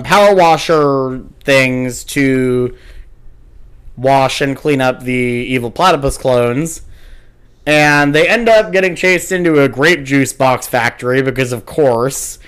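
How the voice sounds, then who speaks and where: A man's voice: fairly high pitch, clean tone. A man co-hosting a podcast, animatedly retelling cartoon plots in casual chat. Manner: animated retelling, puts on quick voices. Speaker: podcast co-host.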